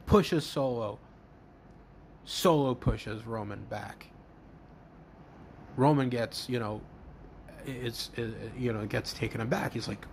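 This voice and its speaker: Man host, slow casual play-by-play, halting with lots of restarts, faint noise behind. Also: mid-range voice. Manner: halting, repeats words, many restarts. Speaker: host, fantasy booker.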